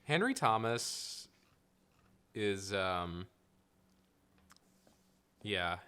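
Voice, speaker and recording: A man's voice: lowish voice, sing-song, extremely slow, pushed and bright, smooth. A man co-hosting a podcast in casual chat, rambling and laughing often with lots of fillers. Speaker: podcast co-host.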